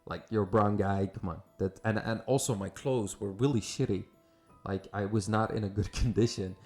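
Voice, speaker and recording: A man's voice: lowish voice, steady tone, moderate pace, a little mellow, soft background music. A man from Syria, hosting a podcast and telling a personal story casually, with many fillers and restarts. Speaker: podcast host.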